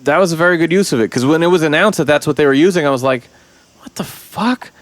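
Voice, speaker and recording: A man co-hosting a podcast, talking casually about a film in an animated way, swearing now and then and slipping into quoted lines. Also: a little high, racing, no echo. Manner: animated, profane, breaks into quoted voices. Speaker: podcast host.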